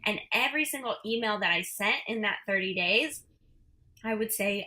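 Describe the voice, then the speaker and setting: A woman's voice: medium pitch, animated, moderate pace, bright, forceful tone. A woman guest on a business interview, talking in a chatty, playful, upbeat way. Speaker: guest, membership business owner. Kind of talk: casual interview talk.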